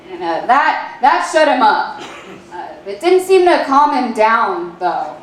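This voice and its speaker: A woman in her late twenties doing stand-up, with a halting, filler-heavy deadpan delivery. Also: a little high. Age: 20s. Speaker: stand-up comedian. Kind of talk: stand-up comedy set. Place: comedy club stage. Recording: echoey club room.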